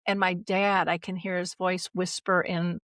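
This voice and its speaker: A woman's voice: fairly low pitch, level tone, a little slow, fairly bright tone, dry recording. A middle-aged woman, a dementia care advocate, earnestly recounting a personal family story with emotion and a few restarts.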